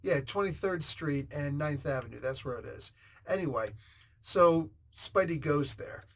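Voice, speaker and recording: A man hosts a comic book review, retelling the plot casually. He rambles with excitement, throws in sound effects and wanders into tangents. His voice sits a little higher than most men's. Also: a little slow, slight background noise.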